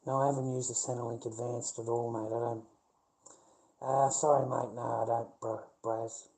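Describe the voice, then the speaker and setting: A man's voice: medium pitch, level tone, normal speed, creaky, darkish tone, rough recording. A middle-aged man with an Australian accent, chatting casually on a livestream, blunt and heavy on swearing as he rants back at his viewers.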